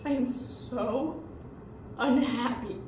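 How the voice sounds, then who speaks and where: A woman's voice: on the high side, very slow, slight background noise. An actress playing a despairing young woman near twenty-four, tearful and breaking in stage acting, recorded from a distance in an echoey room. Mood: bleak. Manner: tearful, breaking between sobs and hushed despair.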